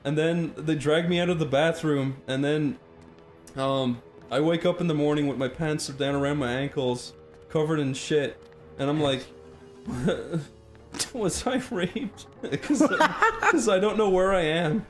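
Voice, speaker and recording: A man's voice: on the high side, normal speed, a little mellow, soft background music. A young Irish man with an Irish accent, telling a rambling story and laughing through it as he co-hosts a game stream. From Ireland. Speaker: co-host. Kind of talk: casual storytelling over gameplay.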